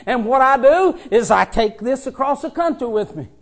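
Man, traveling preacher, very high and lively voice, fervent sermon delivery, soft-to-loud swings. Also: normal speed.

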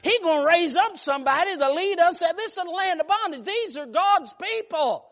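A man preaching a sermon, moving between quiet, hushed storytelling and loud, shouted passages. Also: extremely high pitch, animated, normal speed.

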